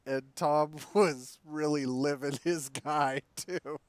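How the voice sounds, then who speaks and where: A man's voice: on the high side, steady tone, takes it slowly, clear, resonant tone. A man hosting a casual podcast, jokey and laughing often. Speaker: podcast host.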